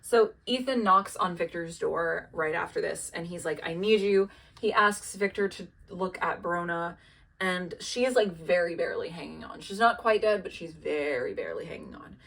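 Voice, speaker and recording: A woman's voice: on the low side, moderate pace, creaky, fairly bright tone. A young woman casually recapping a TV plot, chatty and sardonic, with lots of filler words and swearing. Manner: chatty, frequent filler "like", profane and sardonic asides. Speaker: TV recap video maker.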